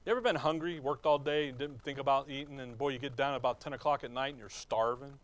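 A man's voice: medium pitch, steady tone, fast. A man preaching a folksy sermon, asking the congregation questions and chuckling as he goes. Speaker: pastor.

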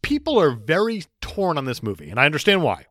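A man's voice: on the high side, sing-song, fast talker, fairly bright tone, no echo. A man hosting a podcast in casual chat, reading out headlines and laughing often. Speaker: podcast host.

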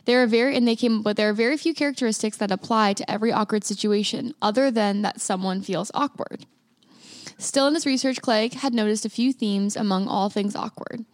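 A woman's voice: medium pitch, brisk, dry recording. A woman co-hosting a podcast, speaking in a thoughtful, earnest way and reading an article aloud. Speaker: podcast co-host.

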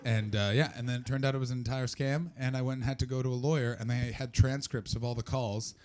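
A man doing stand-up comedy, telling a story to a live audience in an animated way, getting loud when acting out scenes. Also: medium pitch, quick pace.

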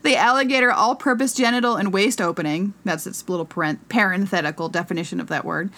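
A woman's voice: medium pitch, bright, forceful tone. A woman co-hosting a casual comedy podcast, reading an article aloud in a joking way and stumbling over hard words. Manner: reads aloud haltingly, stumbling on words, jokey. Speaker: podcast co-host.

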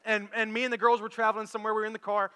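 A man in his thirties, a pastor preaching a sermon, telling a lively story to his church. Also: high voice, racing, smooth, long reverb tail. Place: church auditorium.

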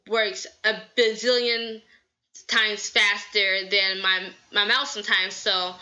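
A bubbly, energetic woman from the American South talks through advice on her podcast, her voice strikingly bright and crisp at the edges. She sits at a middling pitch for a woman. The recording sounds a little muffled and lo-fi. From Southern United States. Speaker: podcast host. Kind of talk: casual advice talk.

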